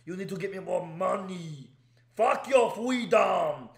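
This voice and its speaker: A man doing a mocking, loud and brash impression of an older male celebrity politician. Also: high-pitched, lively intonation, unhurried, creaky, reverberant, full character voice.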